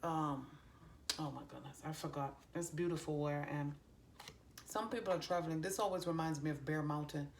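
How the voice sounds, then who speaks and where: A woman doing a psychic card reading for viewers, pausing often with ums and restarts as she relays messages she hears. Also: deep voice. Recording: faint background noise.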